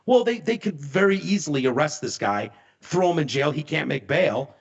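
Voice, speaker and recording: A man co-hosting a casual podcast, retelling a story with animated delivery and acting out the voices of the people in it. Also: a little high, moderate pace, lo-fi sound. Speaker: podcast co-host.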